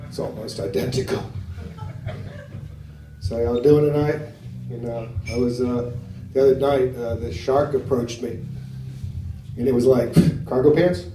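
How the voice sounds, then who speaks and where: An American man performing a stand-up comedy set on a club stage, talking in a halting way with many fillers and asides to the crowd. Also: medium pitch, fairly even intonation, mellow, slight background noise. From United States. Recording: roomy venue sound from a distance.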